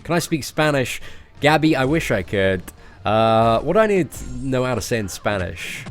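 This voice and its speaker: Brief: British male streamer, jokey live chat, animated pitch, faint music behind. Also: normal speed. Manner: playful, joking, laughs often. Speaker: game streamer. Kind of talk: casual live-stream chat reading out viewer comments.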